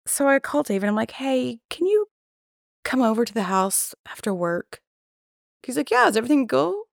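A woman's voice: a little high, big pitch swings, normal speed, vocal fry, no echo. Woman in her thirties, podcast guest, blunt and profane storyteller, dry close sound. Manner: candid, profane, acts out quoted dialogue. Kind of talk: casual storytelling.

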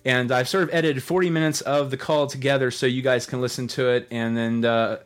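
A man tells a story on his podcast in a loose, chatty way. He rambles and swears now and then. His voice sits at an ordinary middle pitch. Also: fairly quick. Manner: rambling, animated retelling with swearing. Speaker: podcast host. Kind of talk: casual storytelling chat.

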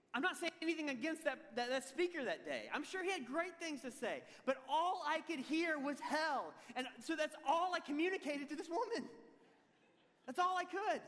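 A man preaching a sermon as pastor, telling an animated, self-deprecating story with humor. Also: very high voice. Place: large church hall. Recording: long hall reverb.

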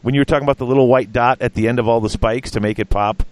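A man hosting a casual hobby podcast, joking around in quick, excitable bursts. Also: mid-range voice, slight background noise. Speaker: podcast host.

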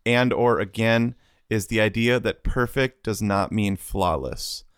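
A man's voice: on the low side, a little slow, smooth, dry recording, clean studio sound. A man co-hosting a casual podcast chat, easygoing and calling his co-host "dude". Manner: easygoing, says "dude" a lot.

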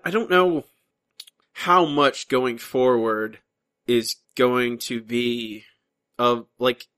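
A man with a bright, forward voice hosts a casual comics podcast. He talks in a chatty, teasing way and often trails off and restarts his sentences. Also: mid-range voice. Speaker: podcast host.

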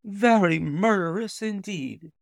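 A man's voice: high voice, slow pace, gravelly, no room sound, studio quality, voice pushed up, full character voice. A man voicing a shaken young engineer. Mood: weary.

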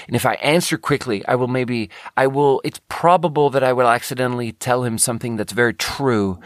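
A man's voice: lowish voice, no echo. Rambling man telling a story, dry sound. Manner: rambling, self-correcting storytelling; casual swearing. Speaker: podcast host. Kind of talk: casual podcast monologue.

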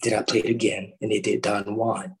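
A middle-aged man, a former orchestral timpanist, telling an animated story in a roundtable talk, acting out quotes and singing drum parts. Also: fairly low pitch, normal speed, low-quality recording. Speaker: orchestral timpanist recalling his start.

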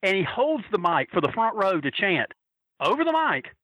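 A man casually telling a long anecdote, animated and acting out the people he quotes. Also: high-pitched, moderate pace, crowd noise, rough recording. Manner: animated, acts out quoted voices.

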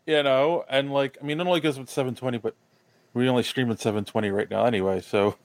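A man's voice: medium pitch, steady tone, fast talker, no echo. A man co-hosting a podcast in a casual chat, talking in a rambling way with lots of fillers. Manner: rambling, many fillers like "you know". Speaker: podcast co-host.

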